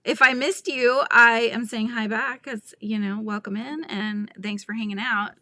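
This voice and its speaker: A woman's voice: on the high side, fairly even intonation, unhurried, pushed and bright, no room sound. A middle-aged woman hosting a crochet livestream, chatting casually, giggling and reading the chat aloud.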